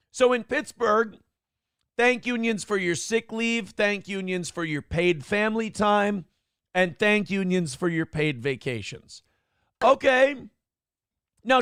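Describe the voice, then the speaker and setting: A man hosting a live-streamed morning show, talking in a high, gravelly voice. He gives sarcastic, crude commentary and swears freely. The sound is dry and close to the mic. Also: fairly bright tone, no echo.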